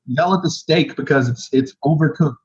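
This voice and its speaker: A man's voice: fairly high pitch, moderate pace, breathy edge. A man co-hosting a podcast, chatting casually and agreeing with short, affirming remarks. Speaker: podcast co-host. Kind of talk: casual chat. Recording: dull lo-fi sound.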